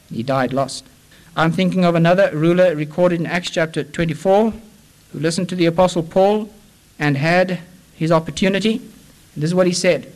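Impassioned preacher man, high-pitched. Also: a little fast, darkish tone, low-quality recording. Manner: impassioned, rising and falling emphasis. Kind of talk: evangelistic sermon.

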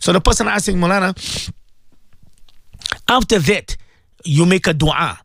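A man's voice: high-pitched, expressive, measured pace, creaky, fairly bright tone, dry recording, studio quality. Pleading emphatic man on religious radio. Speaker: Islamic radio presenter.

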